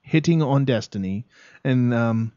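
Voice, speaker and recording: A man talks loosely about his acting work as a guest, circling back with plenty of fillers and false starts. The sound is dry and a little dull, with no room ring. His voice sits at an ordinary middle pitch. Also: measured pace, warm tone, dry recording. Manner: rambling, many fillers and restarts. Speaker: actor guest. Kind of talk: casual interview chat.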